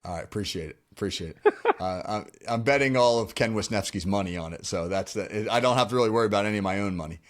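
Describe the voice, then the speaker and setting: A man's voice: on the low side, fast talker. A man hosting a casual sports chat show in a laid-back way, laughing often as he talks. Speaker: show host and football coach.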